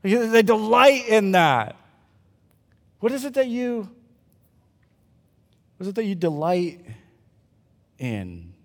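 A male pastor preaching a conversational sermon at a church service, swinging between loud emphasis and quiet asides to the congregation. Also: high voice, big pitch swings, takes it slowly, vocal fry, pauses often, in a large hall.

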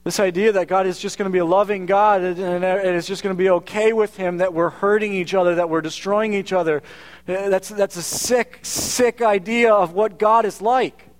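A man's voice: high-pitched, steady tone, moderate pace. A man preaching a sermon to his congregation in an earnest, conversational way, often restarting his words. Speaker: pastor.

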